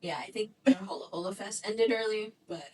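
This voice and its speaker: A woman's voice: mid-range voice, a little fast, recorded from a distance, slight background noise, poor audio. A woman in her twenties co-hosting a podcast, chatting casually, laughing often and chiming in. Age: 20s. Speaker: podcast co-host. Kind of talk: casual chat.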